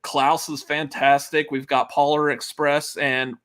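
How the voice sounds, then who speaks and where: A man's voice: on the high side, level tone, measured pace, a bit bright. A man hosting a casual live movie-ranking stream, drawling with lots of uh fillers. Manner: drawling, says y'all, many uh fillers, laughs easily.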